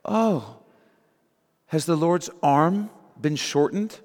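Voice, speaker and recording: A male preacher voicing God as sarcastic and indignant, mocking in a drawn-out way. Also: fairly high pitch, lively intonation, darkish tone, pitched above the performer's own voice. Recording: long reverb in a large hall.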